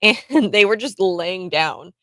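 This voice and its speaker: A woman's voice: mid-range voice, expressive, slow pace, sharp tone, no echo. Chatty woman talk radio host. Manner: chatty, laughs often, many fillers and restarts. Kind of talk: opinionated talk radio commentary.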